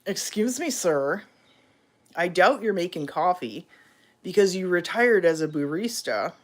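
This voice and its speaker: A woman's voice: on the low side, big pitch swings, unhurried. A woman vlogging casually at home, chatting with viewers and talking to her cats. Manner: chatty, talks to her cats, many fillers. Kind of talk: casual chat to camera and viewers.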